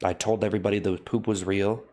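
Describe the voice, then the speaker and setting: Speaking fast in a lowish voice, a livestream host gives a mock-solemn apology to his webcam, deadpanning the same confessions over and over.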